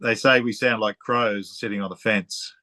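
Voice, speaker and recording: An Australian man interviewing a guest in a relaxed way, telling stories and laughing often. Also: fairly low pitch, normal speed, dry recording. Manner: chatty, storytelling, laughs often. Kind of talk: casual conversational interview.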